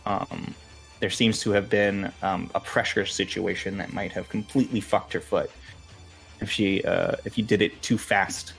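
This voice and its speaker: A man's voice: deep voice, fairly even intonation, normal speed, creaky, fairly bright tone, faint music behind. A young man narrating as game master in a casual, swearing, filler-laden way.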